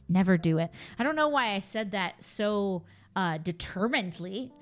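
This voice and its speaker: A woman's voice: medium pitch, animated, normal speed, few pauses, soft background music. A woman streaming in casual, chatty commentary, thinking aloud with playful asides.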